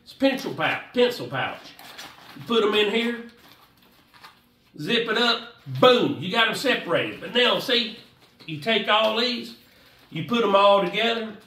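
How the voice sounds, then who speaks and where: Folksy rambling man, bright voice. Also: high-pitched, animated, measured pace, pauses often, roomy sound, recorded from a distance. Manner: rambling, repeats himself, folksy. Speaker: fishing vlogger. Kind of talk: casual how-to talk.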